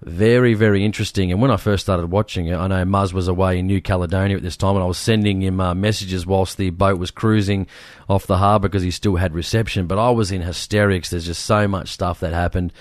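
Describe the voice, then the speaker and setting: A man co-hosting a podcast, chatting casually and retelling stories with lively mimicry. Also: a little fast, hardly any pauses, no room sound. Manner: animated storyteller, mimics people in high voices. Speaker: podcast co-host.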